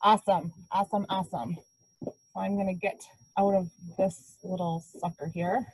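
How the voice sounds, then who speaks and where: A woman's voice: mid-range voice, level tone, normal speed, a little mellow, husky, low-quality recording. A woman instructor opening an online class over a video call, upbeat and chatty, a little scattered.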